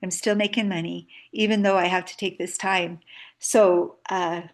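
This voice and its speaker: A woman's voice: lowish voice, fairly even intonation, normal speed. Earnest middle-aged woman giving a testimonial. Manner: earnest, conversational, speaks directly to listeners. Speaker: sales agent giving a testimonial. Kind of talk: testimonial speech to an audience.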